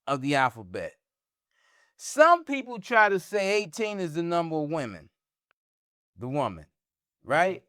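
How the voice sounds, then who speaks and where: A man's voice: wildly swooping pitch, unhurried, long pauses, fairly bright tone, clear, resonant tone, no echo, studio quality. Man teaching with rising emphasis. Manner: teaching, asks "huh?" to check listeners follow; rises in pitch and force when stressing a point. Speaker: religious teacher. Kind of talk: religious discussion.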